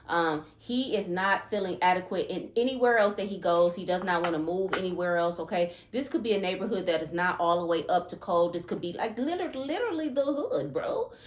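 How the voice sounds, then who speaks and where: Low-voiced woman reading tarot, echoey room. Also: a little hiss or hum. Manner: emphatic and repetitive, constantly checking in with "okay?" and "all right?". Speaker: tarot reader. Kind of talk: casual tarot reading to camera.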